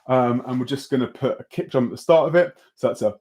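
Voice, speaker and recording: Speaking fast at a medium pitch, a young male instructor leads an online beatbox session. He's laid-back and encouraging, stumbling through explanations with frequent ums and restarts.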